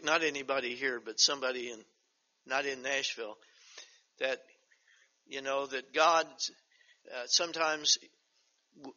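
An older man teaching a Bible study as pastor, reading scripture slowly and emphatically, then breaking into chatty asides. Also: on the high side, pushed and bright. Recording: dull lo-fi recording.

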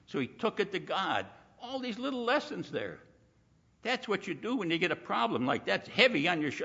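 A man preaching in a bright, forceful voice with a husky edge, folksy and animated as he acts out quoted voices. The recording is dull and lo-fi, with long reverb from a church hall. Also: a little high, moderate pace. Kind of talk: sermon.

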